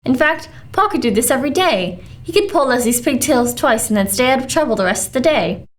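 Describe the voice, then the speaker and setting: A woman reading a children's book aloud with expressive storytelling. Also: high-pitched, a little fast. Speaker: reader.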